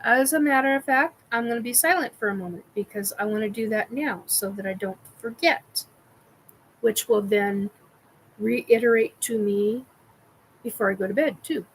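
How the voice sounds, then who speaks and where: A woman's voice: fairly high pitch, moderate pace, slight background noise, low-quality recording. A middle-aged woman hosting a casual live-stream chat, rambling with many fillers and restarts while she answers viewers.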